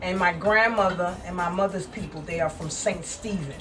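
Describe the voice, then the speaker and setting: A woman whose accent blends Brooklyn with the South talks lively and casually at home. Her voice sits a little back from the mic, with soft music playing behind her. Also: lowish voice, moderate pace, far from the mic. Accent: mixed Brooklyn and Southern. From New York. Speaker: fashion collector showing her pieces. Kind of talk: casual chat on camera. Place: home kitchen.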